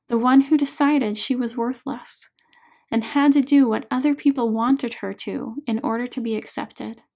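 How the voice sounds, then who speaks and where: A woman reading an audiobook, voicing a calm female hypnotherapist who guides her client in a gentle, soothing way. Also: fairly high pitch.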